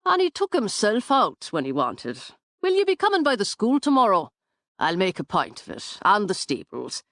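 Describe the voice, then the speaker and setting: A woman narrator voicing a cheerful, easygoing young man, light and brisk. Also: high voice, wildly swooping pitch, bright, forceful tone, no echo, clean studio sound, exaggerated voice.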